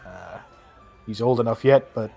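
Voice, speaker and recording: A man voicing a grateful warrior woman who says farewell in a halting, heartfelt way. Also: lowish voice, creaky, mellow, faint music behind.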